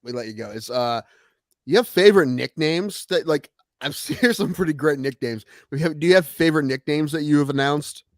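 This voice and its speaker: A man's voice: on the high side, lively intonation, fairly quick, no room sound. Podcast host guy, easygoing curious questions, voice bounces around a lot, dry clean sound. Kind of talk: casual interview chat.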